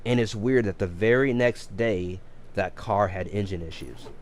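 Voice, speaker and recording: A man's voice: on the low side, moderate pace, a little mellow, slight background noise. A man casually telling a long story on a game livestream, rambling with many restarts and self-corrections. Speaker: game streamer.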